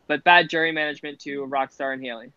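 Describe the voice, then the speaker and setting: A man's voice: a little high, fairly even intonation, quick pace, bright, forceful tone, smooth, no echo. A man co-hosting a casual live-stream chat, hesitant with many fillers. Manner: hesitant, lots of ums and likes. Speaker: podcast co-host. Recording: dry muffled lo-fi audio.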